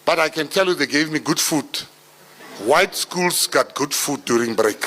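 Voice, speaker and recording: South African man, middle-aged, brisk storyteller, bright forceful tone, voice sits a bit high. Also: slight background noise. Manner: animated, comic storyteller. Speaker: public speaker. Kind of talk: storytelling talk.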